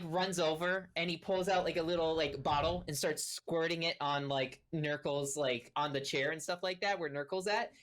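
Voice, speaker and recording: A woman's voice: low voice, steady tone, moderate pace, hardly any pauses. A woman narrating a tabletop game as game master, rambling with lots of fillers. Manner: rambling, full of "like" and "kinda".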